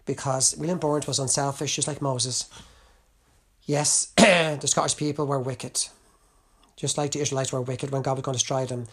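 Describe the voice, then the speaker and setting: A man's voice: mid-range voice, fairly even intonation, normal speed, a bit bright, husky. A middle-aged Irish man preaching a sermon, impassioned, his voice climbing fervently when he presses a point. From Ireland.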